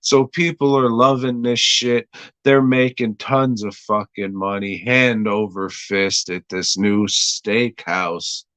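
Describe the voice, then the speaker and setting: A man hosts a podcast and talks his way through a TV episode in a loose, rambling recap that is full of swearing and jokes. He speaks slowly at a middle pitch, and his voice is recorded close and dry. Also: steady tone, fairly bright tone, dry recording. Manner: rambling, profane, jokey. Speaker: podcast host reviewing a TV episode. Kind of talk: casual profane episode recap.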